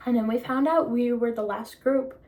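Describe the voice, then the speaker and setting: A young woman vlogging casually, excited and disbelieving, rambling with many fillers as she tells her story. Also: fairly high pitch, normal speed.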